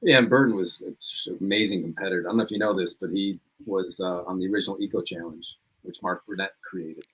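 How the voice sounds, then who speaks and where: A man guesting on a podcast, telling lively anecdotes in casual chat and laughing often. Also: low-pitched, fast, few pauses, husky, poor audio. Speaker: podcast guest, former reality show contestant.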